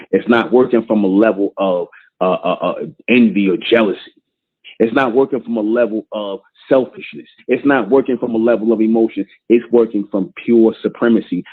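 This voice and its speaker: Host, male, emphatic repetitive preacher; husky voice over a tinny phone line. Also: on the low side. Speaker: show host. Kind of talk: preachy call-in show monologue.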